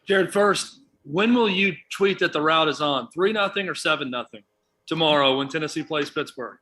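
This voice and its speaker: Male radio guest, sharp and bright tone, fairly high voice, weighs his picks out loud. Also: moderate pace. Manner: thoughtful, reasons things through aloud. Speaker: guest sports commentator. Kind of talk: sports talk radio.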